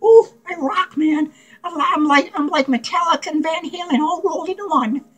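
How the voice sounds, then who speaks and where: Super high-pitched crazy clown, cackles and swears nonstop, giddy comedy vlog bit. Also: male voice, normal speed, a bit bright, low-quality recording. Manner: cackling, profane, giddy rambling. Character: manic, unhinged male clown, giddy and crude. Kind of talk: comedic character vlog monologue.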